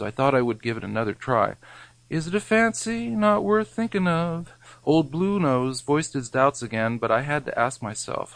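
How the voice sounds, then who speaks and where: Man, wry narration, wordy mock-grand phrasing, mid-pitched voice, dry close recording. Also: gravelly, no echo, rough recording. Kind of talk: scripted narration of a food memoir.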